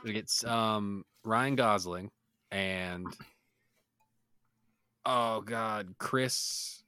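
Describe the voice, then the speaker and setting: A man's voice: fairly low pitch, very slow, pushed and bright, clear, resonant tone, no echo, clean studio sound. A man co-hosting a casual comedy podcast, joking around and laughing often. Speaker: podcast co-host.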